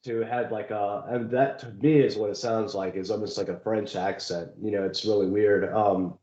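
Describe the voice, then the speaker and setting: A man's voice: on the low side, fairly even intonation, normal speed, mellow. A man co-hosting a casual chat about ghost hunting, rambling and laughing often. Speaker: podcast co-host. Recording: echoey room, dull lo-fi sound.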